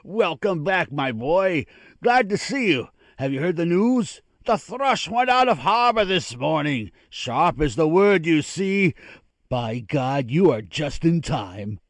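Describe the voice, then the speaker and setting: An actor playing a loud, blustering older naval father in an audiobook dramatization, boisterous and swearing eagerly. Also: a little high, very animated, takes it slowly, no echo.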